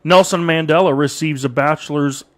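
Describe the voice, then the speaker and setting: A man's voice: on the high side, fairly even intonation, normal speed. Chuckling man reading dates on radio. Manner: reads date facts with chuckles. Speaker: radio show host. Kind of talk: casual on-air chat. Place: radio studio streamed live.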